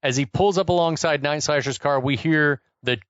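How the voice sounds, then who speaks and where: A man's voice: fairly high pitch, moderate pace, fairly bright tone, no echo, lo-fi sound. A man co-hosting a podcast, animatedly recapping an action movie's chase scene in casual chat, swearing and incredulous. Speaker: podcast co-host.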